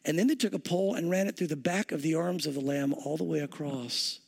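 A man with a notably high voice preaching from the pulpit. He teaches verse by verse, retelling the scene as a vivid, chatty story and leaning on "you know" as he goes. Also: fairly quick, vocal fry, breathy edge. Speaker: pastor. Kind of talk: verse-by-verse sermon.

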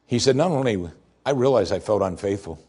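Male pastor, husky timbre, expressive sermon delivery with wide swings in emphasis. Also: fairly quick. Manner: expressive, swings from raised emphasis to soft low tones.

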